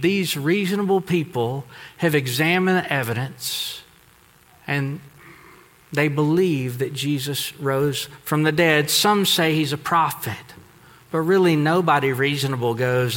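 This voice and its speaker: A man from Texas preaches in a large church hall, his high, bright voice carrying a long echo. He tells stories with emphatic turns that drop suddenly soft. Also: a little slow. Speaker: pastor. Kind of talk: sermon. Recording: echoey hall.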